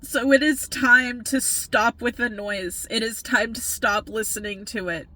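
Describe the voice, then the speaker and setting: A woman's voice: fairly high pitch, steady tone, a little slow, pushed and bright. A woman giving an impassioned spiritual pep talk as a reader, earnest and urging, repeating "okay?" and swearing for emphasis, tired from working all night.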